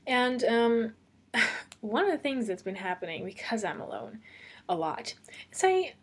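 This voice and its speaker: A woman talks alone on her podcast in a loose, rambling way. She laughs between thoughts and keeps the talk casual. Her voice sits at an ordinary pitch for a woman. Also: slightly rough. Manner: chatty, laughs often, rambling. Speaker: podcast host. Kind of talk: casual solo podcast chat. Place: lives alone in Amsterdam.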